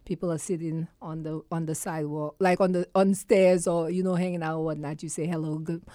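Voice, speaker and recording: Chatty woman from Saint Lucia, mellow voice. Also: deep voice, steady tone, brisk, dry recording, studio quality. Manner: chatty, laughs often, acts out little scenes. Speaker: podcast guest. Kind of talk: casual chat.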